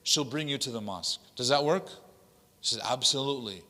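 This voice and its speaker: A man's voice: medium pitch, brisk, bright, forceful tone. A man, an imam, telling a story in a workshop talk and acting out the dialogue as he goes. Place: mosque hall. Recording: long hall reverb.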